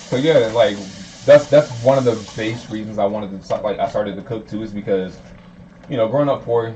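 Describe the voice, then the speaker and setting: Fast-talking young man, low voice. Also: dark tone, muffled recording, a little hiss or hum. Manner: rapid, profane, laid-back. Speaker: cook. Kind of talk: casual chat while cooking. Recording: distant mic with faint room ambience.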